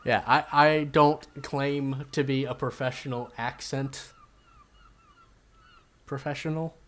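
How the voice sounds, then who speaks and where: A man's voice: mid-range voice, fairly even intonation, slow pace, a bit bright. A man casually commenting while streaming a video game, chatty and self-mocking. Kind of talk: casual let's-play commentary.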